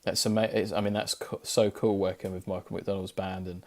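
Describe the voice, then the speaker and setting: A man hosting an interview, relaxed and encouraging, with short affirmations. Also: low voice, a little fast. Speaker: host. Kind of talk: casual interview chat.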